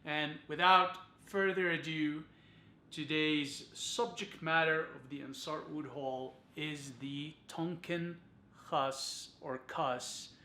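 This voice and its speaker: A man's voice: on the high side, fairly even intonation, takes it slowly, pushed and bright, reverberant, slight background noise. A man giving a chatty to-camera perfume review, often adding "okay" and "you guys".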